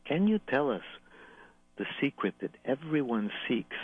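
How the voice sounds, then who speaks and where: A man voicing an earnest young male student asking questions slowly and reverently. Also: medium pitch, very animated, dry recording. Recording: tinny phone line.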